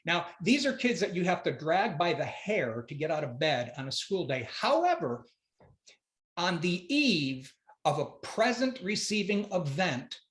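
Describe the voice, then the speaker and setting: A man giving a motivational keynote speech, emphatic and energetic, telling stories to make his points. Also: sits high. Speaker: keynote speaker. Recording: roomy echo.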